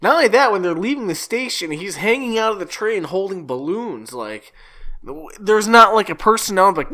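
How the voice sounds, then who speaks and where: A man co-hosting a casual film chat, bouncing between dry asides and exaggerated put-on voices as he acts out scenes. His voice is bright and his pitch jumps around a lot, and he laughs often and swears freely. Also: lively intonation, moderate pace. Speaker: podcast co-host. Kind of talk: casual movie discussion.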